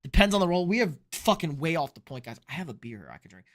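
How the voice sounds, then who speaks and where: A man's voice: a little high, sing-song, racing. A young man on a casual live sports stream, drinking beer and answering chat in a loose, profane way. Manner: loose, profane, reads chat questions aloud.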